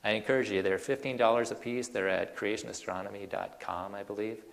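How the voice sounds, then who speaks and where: Gravelly-voiced male speaker, animated and folksy, lots of rhetorical questions, long hall reverb. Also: on the low side, brisk. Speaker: creationist speaker. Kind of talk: presentation to an audience.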